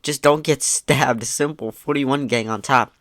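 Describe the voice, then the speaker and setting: A man talking through online messages in an easygoing, sarcastic commentary, dropping casual swears and poking fun at them. His voice sits at an everyday middle pitch. The recording is close and dry, with no room sound. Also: a little slow, fairly bright tone, no echo. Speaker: YouTube commentator.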